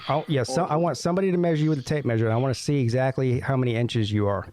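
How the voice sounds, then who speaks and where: A man's voice: medium pitch, rapid-fire, darkish tone, a little hiss or hum. A man co-hosting a casual online show, teasing the others and asking question after question. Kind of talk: casual chat.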